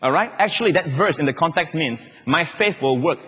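A male pastor preaching a sermon to a church, dropping at times into soft, slow, hushed repetitions. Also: a little high, lively intonation, slightly rough. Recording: long reverb of a large hall.

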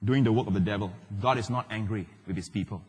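A middle-aged male pastor preaching a sermon, animated, swinging between loud declarations and hushed asides. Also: fairly low pitch, fast, slightly rough. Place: large church hall. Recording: live church hall with long reverb.

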